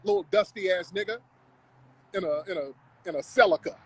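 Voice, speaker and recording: A man's voice: high voice, moderate pace, fairly bright tone, slightly rough, rough recording. A man hosting a livestream, talking in a confrontational, mocking, profane rant. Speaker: livestream host. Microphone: live stream mic.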